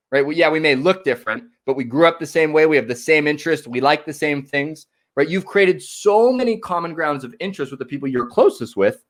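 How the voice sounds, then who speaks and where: A man with a somewhat high voice for his sex presents a motivational workshop on connection. He keeps checking in with "right?" and acts out brief exchanges to make his points. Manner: tags nearly every sentence with "right?"; acts out small dialogues in shifting voices.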